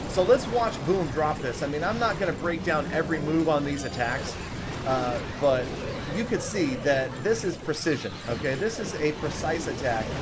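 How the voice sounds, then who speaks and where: A man giving excitable live commentary on strategy game battles and chatting with viewers by name. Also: a little high, heavy background noise. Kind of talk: live gameplay commentary, reading chat.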